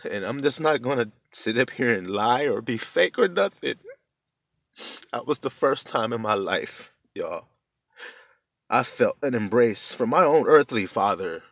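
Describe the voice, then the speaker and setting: A man's voice: medium pitch, expressive, a little slow, creaky, fairly bright tone, dry recording. A man telling a heartfelt personal testimony in a plain-spoken, casual way as he preaches. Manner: earnest, heartfelt storytelling.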